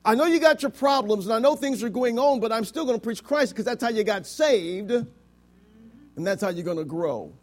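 A pastor preaching a sermon to his congregation, swinging from loud declarations to hushed words and stretching key phrases, with frequent rhetorical questions. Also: extremely high pitch, lively intonation, moderate pace.

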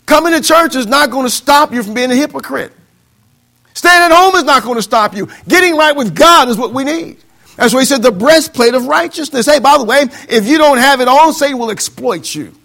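Male pastor, high gravelly voice, preaching with call-and-response. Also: expressive, a little fast, bright, forceful tone. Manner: call-and-response preaching, quoting scripture, mocking excuses in voices. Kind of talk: sermon.

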